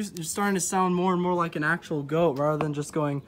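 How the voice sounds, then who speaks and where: A man films goats on his phone at a ranch, chatting to viewers and cooing at the animals. His voice sits a little high. Clear outdoor noise runs under the phone recording. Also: steady tone, fairly quick, hardly any pauses, a bit bright. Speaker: vlogger. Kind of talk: casual vlog. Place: outdoors at a ranch by a goat pen.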